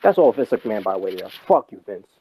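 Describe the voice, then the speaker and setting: A man's voice: fairly low pitch, big pitch swings, quick pace, dark tone, slight background noise, rough recording. A man co-hosting a podcast, rambling in casual wrestling talk with many restarts and fillers. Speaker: podcast co-host.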